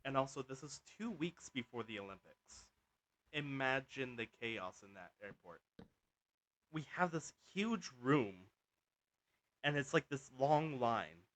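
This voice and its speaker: A man's voice: mid-range voice, lively intonation, measured pace, fairly bright tone. A man, a gaming host, telling a rambling story casually while he plays. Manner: rambling, full of "like" and restarts.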